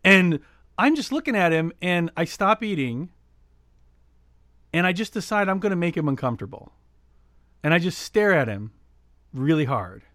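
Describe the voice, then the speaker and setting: A man co-hosting a podcast, telling a story in casual chat with many restarts, getting loud and lively as he retells it. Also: a little high, normal speed, long pauses, dry recording, studio quality. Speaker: podcast co-host.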